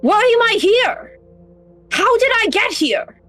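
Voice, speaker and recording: A woman voicing a lost, cornered young man who fires off frustrated, whisper-shouted questions in a tabletop game. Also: on the high side, lively intonation, measured pace, slightly rough, faint music behind.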